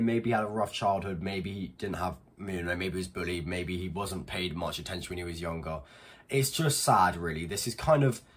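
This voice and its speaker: Dude with a low husky voice reacting on his channel, blunt and cussing, can't believe what he's reading. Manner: incredulous, blunt, swears freely. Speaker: reaction video host. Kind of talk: unscripted reaction commentary.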